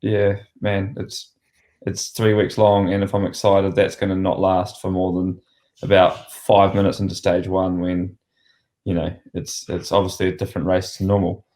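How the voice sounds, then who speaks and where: Aussie podcast cohost, chatty, thinks out loud while he asks stuff. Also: low voice, flat delivery, normal speed. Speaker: podcast co-host. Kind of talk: casual chat.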